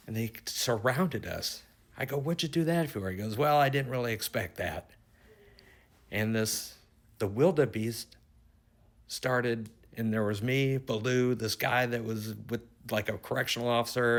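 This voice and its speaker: Speaking low with vocal fry, a middle-aged man recounts an odd dream he had. His telling is casual and rambling, full of free swearing, and his excitement builds as he nears the end.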